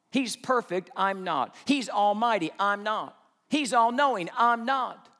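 Animated preacher with a bright voice. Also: male voice, high-pitched, long reverb tail. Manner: animated, conversational, acts out quotes. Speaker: pastor. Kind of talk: sermon.

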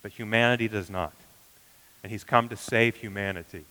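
A man preaching a sermon as pastor, earnest, often dropping to a hushed emphasis. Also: lowish voice, normal speed, clean tone, big-room sound, low-quality recording.

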